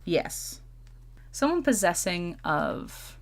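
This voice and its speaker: A woman's voice: lowish voice, expressive, moderate pace. A woman co-hosting a podcast, chatting playfully and laughing often. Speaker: podcast co-host. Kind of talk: casual chat.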